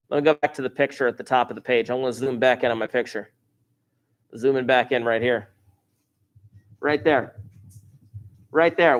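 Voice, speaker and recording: A man at a middle pitch talks a class through a math problem. He is chatty and informal. He repeats important phrases over and over so they stick. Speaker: math teacher. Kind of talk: recorded classroom math lesson.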